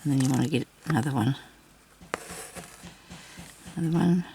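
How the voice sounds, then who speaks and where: A woman's voice: rumbling low, moderate pace, gravelly, warm tone, slight background noise. A woman vlogging a crafting demonstration, rambling and chatty as she talks straight to her viewers.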